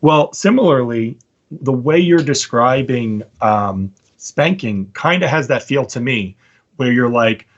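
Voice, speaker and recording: Husky man debating over dull audio. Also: mid-range voice, expressive, unhurried. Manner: argues through stories, often checks in with "right?". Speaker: podcast host debating a guest. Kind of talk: casual debate conversation.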